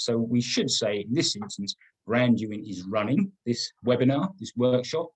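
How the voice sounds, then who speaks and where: Husky man, business trainer. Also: medium pitch, darkish tone, rough recording. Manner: emphatic, repeats words and restarts often. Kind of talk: webinar teaching.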